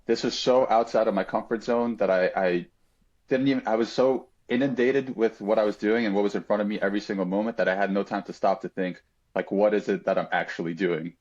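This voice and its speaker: A man's voice: sits low, dull audio. A man telling a personal story on a podcast in an earnest, reflective way, with frequent fillers and restarts.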